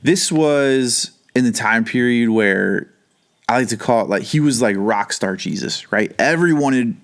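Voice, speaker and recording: A man's voice: medium pitch, animated, measured pace. A man pastor teaching the Bible casually from his home basement, chatty and rambling, with frequent asides.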